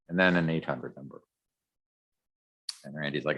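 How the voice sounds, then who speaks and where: Deep-voiced podcast guy rambling thru a comic recap, lots of ums. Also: moderate pace, long pauses, a bit bright. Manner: rambling, many ums and restarts. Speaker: podcast co-host. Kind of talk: casual chat recapping a comic. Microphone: podcast microphone.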